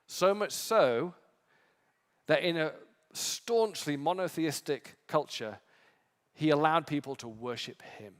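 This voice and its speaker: A male pastor preaching a sermon with impassioned emphasis, swinging from strong peaks to quiet, low passages. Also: slow, long reverb tail. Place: church sanctuary.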